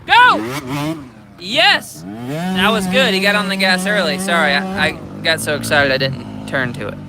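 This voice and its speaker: A man coaching a rider at an outdoor motocross track, giving blunt, urgent instructions and cheering loudly, recorded on a handheld phone. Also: fairly high pitch, normal speed, heavy background noise. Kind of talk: live-streamed riding coaching. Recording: loud motorcycle engines outdoors on phone.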